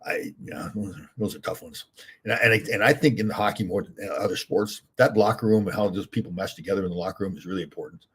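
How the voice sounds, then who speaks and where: An older man hosting a casual live chat, answering viewer questions in a relaxed, rambling way. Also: lowish voice, fast, breathy edge. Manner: relaxed, rambling, thinking aloud.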